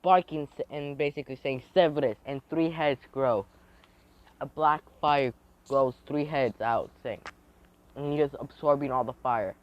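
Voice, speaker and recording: A man rambles through an improvised fan story, stopping and restarting his sentences. His voice sits at a middle pitch. The recording is dull and lo-fi. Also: a little slow. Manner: rambling, hesitant, with many restarts.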